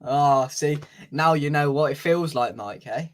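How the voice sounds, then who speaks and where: A man's voice: a little high, measured pace. A man hosting a casual fan live stream, chatting, reading out viewer comments and laughing easily. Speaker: fan channel host.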